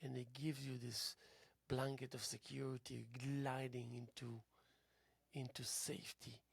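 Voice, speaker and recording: A tired man hosting a local TV show, musing aloud in a halting philosophical monologue that drifts into soft whispers. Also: mid-range voice, level tone, gravelly, breathy edge. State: tired, yawning. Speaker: host. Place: local cable TV studio.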